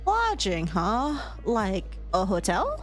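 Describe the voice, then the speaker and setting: A woman's voice: mid-range voice, wildly swooping pitch, takes it slowly, faint music behind. A young woman streaming a game in casual chat, laughing constantly and swearing freely. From United States.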